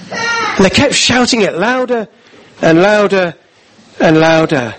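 A high-voiced man tells a story in the first person, earnest and halting, often repeating his words. He speaks from the front of a church. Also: very animated, fairly bright tone, slight background noise, low-quality recording. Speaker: preacher telling a Bible story.

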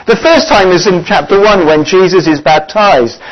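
A man preaching a sermon, earnest and often pausing on "uh" as he gathers his thoughts. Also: high-pitched. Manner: earnest, pausing with frequent "uh" fillers. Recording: dull lo-fi recording.

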